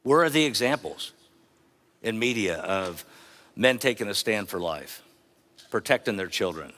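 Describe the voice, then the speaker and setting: A man's voice: fairly low pitch, expressive, a little slow, a bit bright. A middle-aged man giving a motivational keynote speech in an earnest, rhetorical manner, drawing the audience in. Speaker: keynote speaker.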